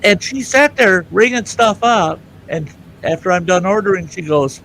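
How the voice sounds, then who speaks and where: An older man telling a story in casual chat, animated and loud, jumping into outraged voices for the people he quotes. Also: high-pitched, normal speed, vocal fry, a little hiss or hum. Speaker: show host telling a story.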